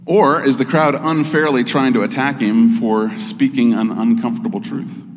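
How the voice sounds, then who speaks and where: A man giving a sermon as pastor, in a measured, explanatory way. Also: medium pitch, fairly even intonation, big-room sound, slight background noise.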